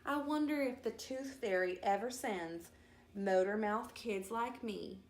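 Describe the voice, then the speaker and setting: A woman reading a first-person children's story aloud in a folksy, expressive way. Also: on the high side, unhurried. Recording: roomy echo.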